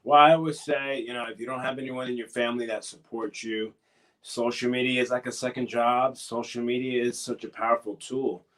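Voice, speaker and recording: A man's voice: mid-range voice, level tone, brisk, a bit bright. A man who wrestles professionally, answering questions in a casual interview, earnest and a bit hesitant, encouraging at times.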